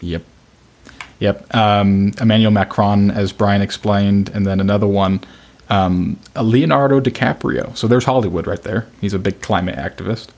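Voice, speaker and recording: A man co-hosting a podcast, talking in a relaxed, chatty way. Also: on the low side, moderate pace. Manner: relaxed, chatty, laughs along. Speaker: podcast co-host. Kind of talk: casual podcast discussion.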